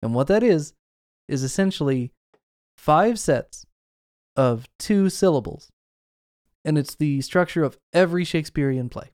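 A man's voice: a little high, lively intonation, measured pace, a little mellow, no echo, studio quality. A man co-hosting a podcast, casually explaining a film theory at length in a lecturing tone. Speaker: podcast co-host.

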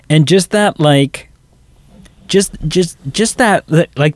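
A man's voice: a little high, takes it slowly, no room sound. A man co-hosting a podcast, chatting casually about a film and retelling scenes with quoted lines. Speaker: podcast co-host. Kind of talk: casual movie review chat.

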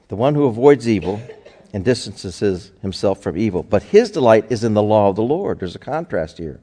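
A man's voice: lowish voice, big pitch swings, fairly quick, warm tone. A man preaching a sermon in a folksy, conversational way, telling homespun stories. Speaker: pastor. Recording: long hall reverb.

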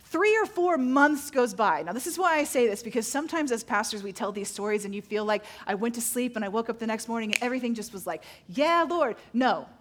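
Higher-voiced woman pastor, candid and playful. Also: lively intonation, quick pace, few pauses. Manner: candid, self-deprecating storytelling with playful asides. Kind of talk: sermon.

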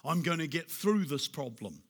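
Husky man preaching with loud swells. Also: a little high, sing-song, normal speed. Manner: emphatic, rising to loud declarations then dropping to soft prayer. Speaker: pastor. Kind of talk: sermon.

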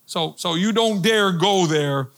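A man's voice: sits high, takes it slowly, a bit bright. A middle-aged male pastor preaching a sermon, building emphasis through repeated phrases and calling on the congregation to repeat lines. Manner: preaching with rising emphatic repetition and audience call-and-response.

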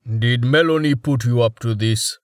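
A man doing a weary, gruff warrior. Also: moderate pace, dry recording, studio quality, lightly acted. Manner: tired, rumbling and terse.

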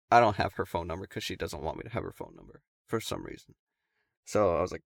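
A man's voice: sits low, moderate pace, creaky, no echo, clean studio sound. A man casually telling a long story to friends, swearing and laughing as he goes.

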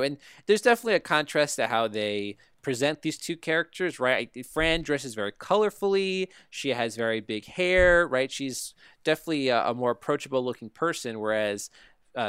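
Smooth-voiced man hosting a casual TV recap. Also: medium pitch, a bit bright, no room sound, studio quality. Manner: conversational, often seeks agreement with "right?". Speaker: podcast host recapping a TV show. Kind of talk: casual review chat.

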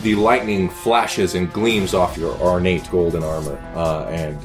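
A man's voice: low voice, steady tone, a little slow, over music. A man narrating a tabletop game as game master, playful and vivid.

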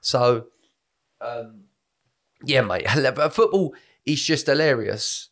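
A man, co-hosting a casual podcast chat, sweary and animated as he tells stories. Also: mid-range voice, very slow. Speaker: podcast co-host.

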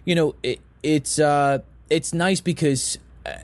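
A man co-hosting a podcast in casual chat, with a slightly high voice that leaps up and down as he acts out the people in his stories. His tone is bright and animated, and the sound is dry and close. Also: unhurried, dry recording. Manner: animated storyteller, acts out quotes with big pitch jumps. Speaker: podcast co-host.

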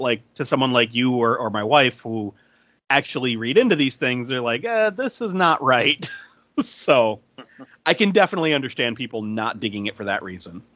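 A man's voice: mid-range voice, pushed and bright, no echo, highs cut off. A man hosting a podcast, recapping a movie plot in casual chat, chatty and laughing easily.

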